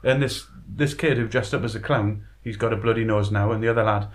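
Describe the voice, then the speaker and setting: A man's voice: lowish voice, quick pace. A man co-hosting a podcast, telling anecdotes with bawdy humour. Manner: storytelling, bawdy humour, says "aye". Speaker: podcast co-host. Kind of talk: casual chat.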